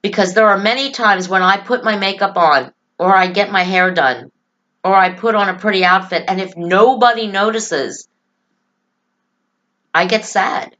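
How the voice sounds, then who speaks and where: This political vlogger, a woman, shares her life and opinions to camera with earnest emotion and conviction. She speaks at normal speed in a medium-pitched, fairly bright voice, though the highs are cut off.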